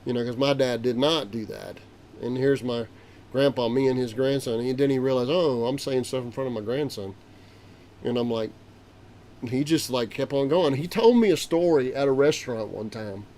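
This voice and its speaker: A man's voice: mid-range voice, moderate pace, mellow, slight background noise. A man hosting a livestream, casually telling a rambling family story with restarts. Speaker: host.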